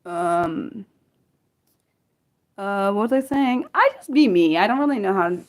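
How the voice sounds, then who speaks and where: Very animated, with a somewhat high voice, vocal fry, and a measured pace, a woman runs an unscripted livestream. She reads chat and answers in a rambling, self-restarting way full of fillers, addressing viewers directly and posing questions to them.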